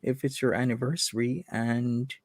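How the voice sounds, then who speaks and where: A man's voice: medium pitch, fairly even intonation, normal speed, very noisy. A man hosting a casual commentary chat, wry, reading viewer comments aloud. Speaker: host.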